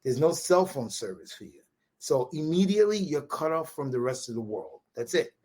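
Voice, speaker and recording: A man from Brooklyn with a New York accent, a podcast guest telling a story in an animated, casual way and often tagging his sentences with "right?". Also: a little high, moderate pace. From Brooklyn, USA. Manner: animated, repetitive restarts, quotes dialogue with "right?" tags.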